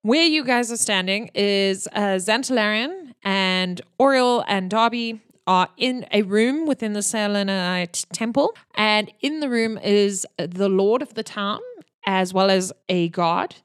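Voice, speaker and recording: A woman running a tabletop game as game master, narrating the scene in a lively, playful way. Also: mid-range voice, measured pace, clear, resonant tone, no room sound, clean studio sound.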